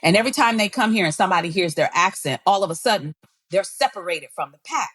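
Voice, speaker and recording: A woman's voice: fairly low pitch, expressive, quick pace, fairly bright tone, husky, dry recording, studio quality. A woman who leads an education nonprofit, speaking passionately and emphatically as a guest in an interview. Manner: passionate, emphatic, with repeated restarts. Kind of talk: conversational interview.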